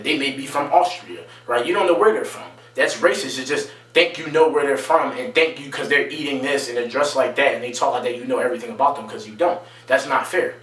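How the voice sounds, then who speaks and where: Man, vlog rant, emphatic and repetitive, medium pitch, roomy off-mic sound. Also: a bit bright, recorded from a distance. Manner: emphatic, repetitive, rising to raised pitch when stressing points. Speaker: video creator. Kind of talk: impassioned monologue to camera.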